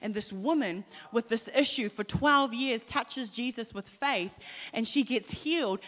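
A woman pastor preaching a sermon, impassioned, sometimes dropping to hushed asides. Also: a little high, unhurried, in a large hall.

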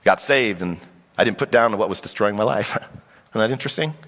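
A middle-aged man preaching a sermon as pastor, animated and acting out voices of Bible figures. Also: on the low side, brisk. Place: church sanctuary. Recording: long hall reverb.

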